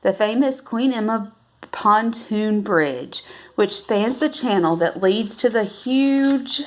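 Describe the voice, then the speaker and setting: A woman reading a novel aloud at an unhurried pace, now and then correcting herself and lifting her voice for the characters' lines. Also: mid-range voice, animated. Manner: unhurried, with self-corrections and restarts. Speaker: reader.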